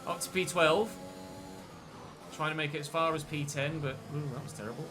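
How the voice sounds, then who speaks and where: A man streaming a racing game, commentating his race excitedly and joking with his viewers. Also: on the high side, normal speed, over music. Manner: excitable, jokey, talks to viewers. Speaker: gaming streamer.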